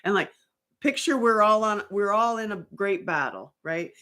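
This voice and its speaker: A woman talking casually to her viewers about healing, rambling and animated, often breaking off mid-sentence. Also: mid-range voice, normal speed. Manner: rambling, animated, self-interrupting. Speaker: author and survivor advocate. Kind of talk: casual livestream talk.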